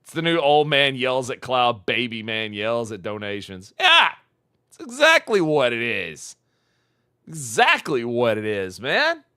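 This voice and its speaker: A man's voice: medium pitch, wildly swooping pitch, measured pace, bright, forceful tone, clean tone, no room sound, studio quality. A man streaming a live reaction, mocking a clip with profane, repetitive commentary. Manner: mocking, profane, repeats phrases for emphasis.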